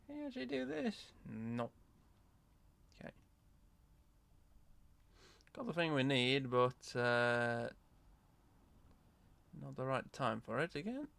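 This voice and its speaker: Gravelly-voiced male game streamer. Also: medium pitch, very animated, slow pace, long pauses, a bit bright. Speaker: gameplay streamer. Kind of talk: casual gameplay commentary.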